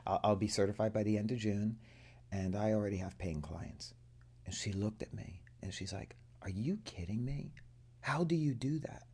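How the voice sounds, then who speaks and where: A man's voice: deep voice, warm tone. A man telling a personal story to a group, earnestly acting out the dialogue he quotes. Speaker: coaching student.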